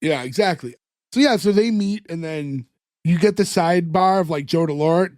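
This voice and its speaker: A podcast co-host recapping an episode animatedly retells the show's scenes in casual chat, acting out the characters' lines and saying "like" a lot. His voice is high-pitched and moderately paced, and the recording is dry, studio-quality audio.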